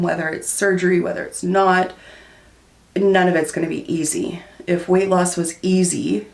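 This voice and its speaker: Chatty woman with a gravelly voice. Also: fairly low pitch, echoey room. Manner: chatty, candid, frequent "um" and "like". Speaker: beauty vlogger. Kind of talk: casual chat while doing makeup.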